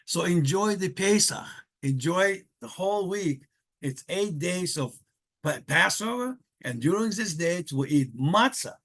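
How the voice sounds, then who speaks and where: A man's voice: sits high, expressive, unhurried, fairly bright tone. An older man from Israel, a grandfather recording a tender, rambling home video message for his grandchildren. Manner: tender, affectionate, rambling with restarts.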